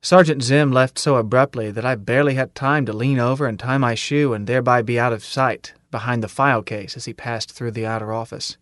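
A man reading first-person audiobook narration in a steady, measured way. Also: medium pitch, no room sound, studio quality.

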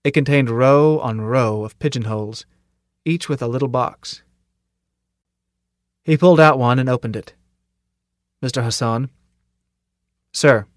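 A man reading an audiobook in measured, even storytelling narration. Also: medium pitch, no room sound, clean studio sound. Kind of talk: scripted narration.

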